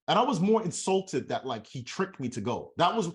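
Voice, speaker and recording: Speaking at a moderate pace, a young MLM trainer tells a story during a motivational training session, full of slang and energy and acting out each line of dialogue. His slightly high voice varies a lot in pitch.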